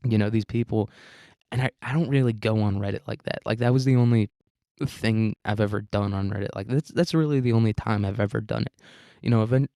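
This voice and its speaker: A man with a fairly low voice, recorded dry and close with no room sound. He talks as the host of a solo podcast, rambling and swearing freely. He mocks himself and breaks into laughter often. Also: a little fast, creaky, warm tone, dry recording. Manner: rambling, profane, self-mocking, laughs often. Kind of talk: casual solo podcast monologue.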